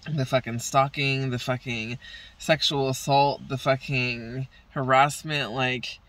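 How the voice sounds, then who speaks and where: A woman's voice: a bass voice, fairly even intonation, slow, a bit bright, recorded from a distance, rough recording. Profane, rambling woman venting on a vlog. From Southern California. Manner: rambling, heavily profane, exasperated. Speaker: vlogger.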